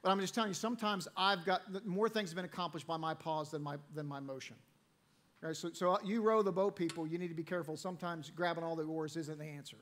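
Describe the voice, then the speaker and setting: A male pastor preaching a sermon in a church, telling a personal story and then dropping his voice to read scripture quietly. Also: a little high, fast. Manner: storytelling preacher, swings between loud emphasis and quiet scripture reading. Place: church sanctuary.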